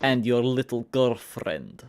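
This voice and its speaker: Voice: medium pitch, sing-song, a little mellow, a little hiss or hum, pitched below the performer's own voice. A streamer doing a cruel mock-Russian enforcer. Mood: menacing. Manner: threatening, slow and heavy. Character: menacing male enforcer, tired and cruel. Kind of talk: voicing a game figure on stream.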